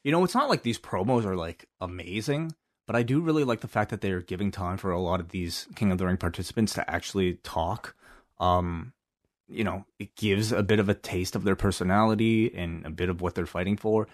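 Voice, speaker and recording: Male podcast co-host, lower voice, halting casual delivery. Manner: hesitant, many fillers and restarts. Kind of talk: casual chat.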